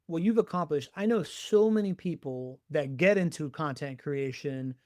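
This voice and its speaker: A man's voice: a little high, moderate pace, a little mellow, no room sound, studio quality. A man hosting a podcast interview, encouraging his guest and asking follow-up questions in a casual way. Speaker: podcast host.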